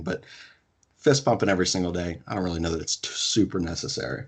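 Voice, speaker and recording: A young man with a deep, husky voice hosts a casual sports podcast. He talks with excited emphasis and drops the odd swear word as he goes. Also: quick pace. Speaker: podcast host.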